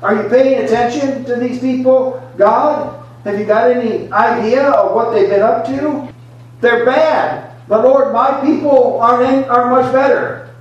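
A man's voice: a little high, brisk, darkish tone, lo-fi sound, natural voice. A man preaching, voicing a furious prophet who argues heatedly with God. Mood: indignant. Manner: heated, pleading, insistent. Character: angry indignant male prophet arguing with God. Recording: echoey hall, mic far off.

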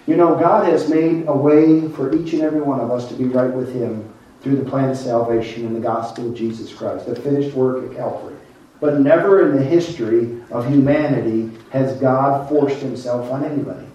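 An older man preaching a sermon as a pastor, calling on the congregation and slowing down to stress his points. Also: mid-range voice, fairly even intonation, mellow. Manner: preaching, calls on the congregation, slows down for emphasis. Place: church. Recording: echoey church hall, mic far off, dull.

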